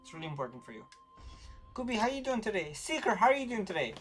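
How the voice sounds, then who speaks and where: Lively, chatty woman streamer. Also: quick pace, soft background music. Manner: animated and chatty, easily frustrated; voice jumps high when excited. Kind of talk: casual gaming commentary, chatting with viewers.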